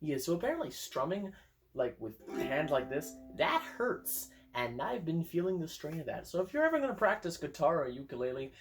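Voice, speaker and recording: A young man chatting casually while playing guitar in a room at home, thinking aloud with hesitant restarts, recorded on a phone. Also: fairly high pitch. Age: young adult. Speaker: amateur songwriter streaming a guitar session.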